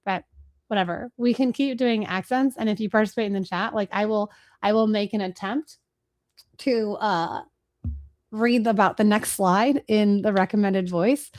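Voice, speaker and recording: A woman in her thirties hosting a live marketing webinar from her computer, talking fast and rambling, self-deprecating, now and then trying silly voices. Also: medium pitch, a little mellow. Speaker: webinar host, marketing speaker. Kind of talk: casual live webinar talk. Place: home office, talking to a computer.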